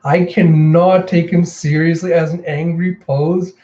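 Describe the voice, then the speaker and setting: A man recapping a manga chapter for his channel, animated, jumping into character voices as he reads the lines out. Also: fairly high pitch, unhurried, muffled recording. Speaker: manga reaction host. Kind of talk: casual manga reaction, acting out lines.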